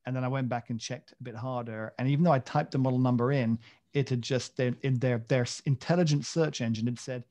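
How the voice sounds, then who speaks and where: A man's voice: medium pitch, fairly even intonation, quick pace, a little mellow. A man co-hosting a podcast in casual chat, rambling and self-mocking, with many fillers and restarts. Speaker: podcast co-host.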